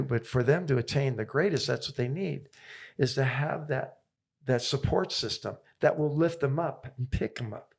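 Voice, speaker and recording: Older coach, gravelly, mid pitch, enthusiastic storyteller. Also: male voice. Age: 70s. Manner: enthusiastic, repetitive rallying phrases. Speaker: tennis coach. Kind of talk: interview guest storytelling.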